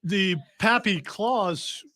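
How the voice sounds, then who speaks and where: A man's voice: high-pitched, drawn-out words, pushed and bright, dry recording. A man hosting a radio show, rambling through casual, joking banter with co-hosts in a studio. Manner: rambling, joking, restarts mid-thought.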